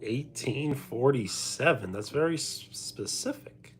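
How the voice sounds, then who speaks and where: A man's voice: mid-range voice, sing-song, unhurried, a bit bright, a little hiss or hum. A man with a New York accent, streaming casually and answering his chat's comments. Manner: reads out and answers chat comments. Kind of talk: casual livestream chat.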